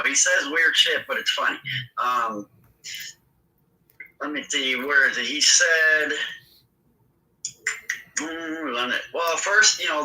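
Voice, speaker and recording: A man chatting casually on a podcast, his voice a touch high and very bright. He talks in a relaxed, offhand way. The sound is roomy and picked up from some distance. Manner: relaxed, offhand opinions with fillers. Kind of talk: casual recap chat.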